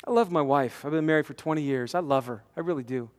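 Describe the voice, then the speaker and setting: A man in his forties preaching a conversational sermon to a men's conference, animated, acting out quotes and repeating words as he presses his points. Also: a little high, fast talker. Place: large conference hall. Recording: long hall reverb from a conference.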